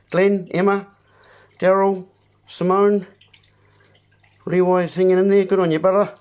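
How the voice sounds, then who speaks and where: A man's voice: high voice, darkish tone. A man hosting a livestream, giving a rambling, preachy wordplay monologue with asides to his viewers. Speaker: livestream host.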